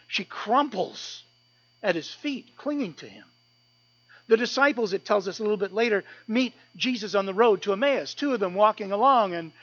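A man preaching in a high, light voice, pressing his points with earnest emphasis and frequent repeated words. The sermon comes through a dull, muffled recording that takes the edge off the sound. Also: fairly bright tone. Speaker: pastor. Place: church service.

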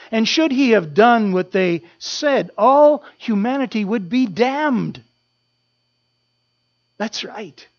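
Impassioned preacher, slightly dull recording. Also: mid-range voice. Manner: impassioned, repetitive, swelling then dropping to a hush. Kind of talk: sermon.

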